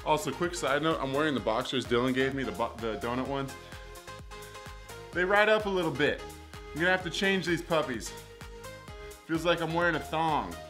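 A man's voice: on the high side, animated, normal speed, long pauses, over music. A man in his twenties chatting casually to camera as a vlogger, playfully overdramatic and jokey. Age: 20s. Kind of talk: casual vlog chat to camera.

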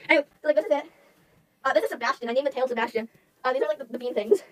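A woman's voice: high-pitched, very fast, a little hiss or hum. A young woman streaming, chatting casually and rambling to her chat, often giggling, close to the mic.

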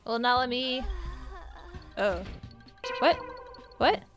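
A woman hosting a casual let's-play, chatty and excitable, gasping and reacting aloud as she plays. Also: a little high, takes it slowly, soft background music. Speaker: gaming channel host.

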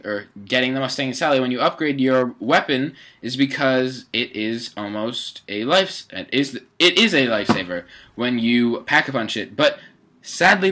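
Teenage boy, game commentator, rambling casual talk, filler words, bright tense tone, mid pitch. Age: teens. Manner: rambling, chatty, lots of fillers and self-corrections. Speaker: gameplay commentator.

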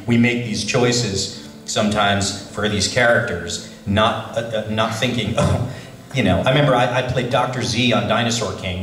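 Chatty male panel host at a con, lowish voice, roomy hall. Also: a bit bright. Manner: chatty, self-interrupting. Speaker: voice actor panelist and moderator. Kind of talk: convention Q&A chat. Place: convention hall.

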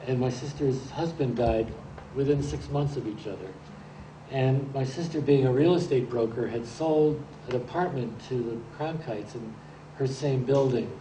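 A man in his sixties giving a rambling, anecdotal talk about his photographs, halting now and then as he tells his stories. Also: mid-range voice. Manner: rambling storyteller, relaxed and halting. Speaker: photographer presenting his pictures. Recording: roomy echo, distant mic, faint hiss.

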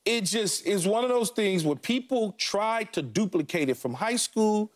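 A middle-aged man co-hosting a sports talk show, telling stories about his playing days in animated, punchy fragments with lots of repeats. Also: sits high, moderate pace. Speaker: sports talk show co-host, former NFL receiver. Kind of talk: casual sports talk storytelling.

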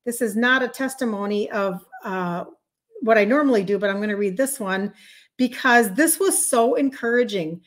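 A woman's voice: a little high, moderate pace. A woman in her fifties from Minnesota with a Minnesotan accent, hosting a chatty live stream as a health coach, greeting viewers and answering their comments as they come in. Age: 50s.

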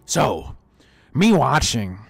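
A man voicing a menacing male clown villain, telling a story in a slow, drawn-out, theatrical way. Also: mid-range voice, big pitch swings, vocal fry, slightly rough, full character voice. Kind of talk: live impression on a game stream.

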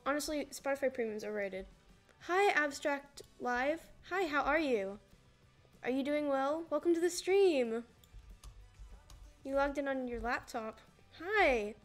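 A young woman streaming a game greets her viewers in a high voice with lively intonation, speaking unhurriedly. Her chat is casual and rambling, and music plays in the background.

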